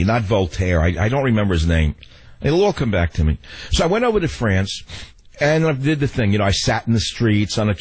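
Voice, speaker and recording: An older man with a New York accent hosts a call-in radio show. His voice is husky and a little rough, and he talks in an opinionated, rambling way. He swings from heated rants to wistful stories. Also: lowish voice. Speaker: radio talk show host. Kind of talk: talk radio monologue and call-in.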